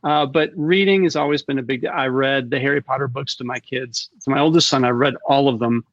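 A middle-aged man with a gravelly voice, an author guest, chats freely in an interview. His voice is dry and close on a dull, lo-fi line. He laughs often and tells stories with quick asides. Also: medium pitch, fairly even intonation, dry recording. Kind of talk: casual interview chat. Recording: dull lo-fi call audio.

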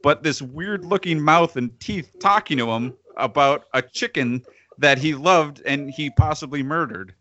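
A man's voice: fairly high pitch, measured pace, bright, forceful tone, lo-fi sound. A man in casual chat, co-hosting and reviewing films, sardonic and often laughing between phrases. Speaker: podcast co-host reviewing films.

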